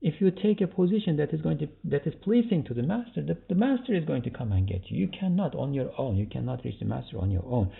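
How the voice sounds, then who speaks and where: A man's voice: a little high, lively intonation, fast talker, gravelly, hardly any pauses. A man teaching a religious commentary podcast, reading a passage aloud and then explaining it in plain words, with rhetorical questions. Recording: tinny phone-like audio.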